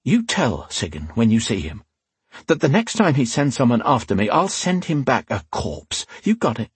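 A man voicing a cold, cultured gambler who speaks in slow, measured, menacing tones in an audiobook. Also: medium pitch, wildly swooping pitch, breathy edge, dry recording, pitched above the performer's own voice, full character voice. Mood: quiet menace. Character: cold dangerous male gambler, quiet and cultured. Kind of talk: audiobook character voice.

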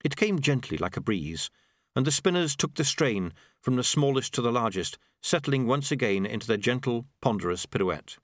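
Expressive male audiobook narrator. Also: medium pitch, no echo, studio quality. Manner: measured, expressive storytelling. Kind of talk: scripted narration.

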